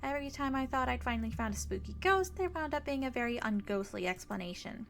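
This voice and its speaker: A woman's voice: on the high side, lively intonation, quick pace, gravelly, slight background noise. A woman voicing a wry, unflappable young ghost hunter who talks in a dry, teasing way. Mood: wistful.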